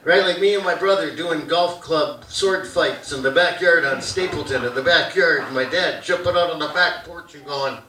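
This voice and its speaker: High-voiced animated stand-up comic man. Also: normal speed, hardly any pauses, background noise. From Canada. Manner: animated, acts out shouting dad voices. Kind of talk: stand-up comedy set. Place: theater stage with audience laughter. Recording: roomy, distant theater recording.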